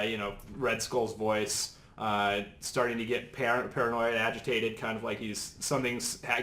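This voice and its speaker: A man lays out his idea in a loose, rambling storytelling voice, stopping to restart and laughing his way through it. His voice sits at a middle pitch for a man. The sound is roomy, with a clear echo from the studio set. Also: a bit bright. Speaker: podcast co-host pitching a show idea. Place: studio set full of toys and collectibles.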